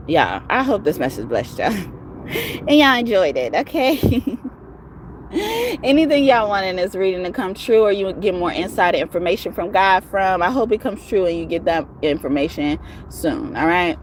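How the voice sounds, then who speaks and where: A woman's voice: on the low side, expressive, moderate pace, slight background noise. A woman tarot reader ranting to her viewers in a heated, profane, emphatic way. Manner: profane, emphatic, rising to shouts. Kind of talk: heated casual rant to viewers.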